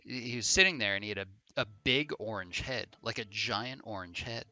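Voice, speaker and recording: Bright-voiced man telling a long joke. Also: lowish voice, no room sound, muffled recording. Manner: laughs often, drawn-out joke delivery, teasing. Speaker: streamer. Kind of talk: casual gaming chat with a long told joke.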